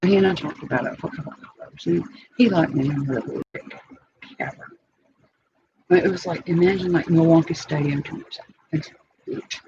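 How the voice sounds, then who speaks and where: A woman's voice: sits low, moderate pace. A middle-aged woman telling a long personal story in a rambling, digressive way, full of restarts and fillers. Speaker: vlogger. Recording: dull lo-fi sound with clear background noise.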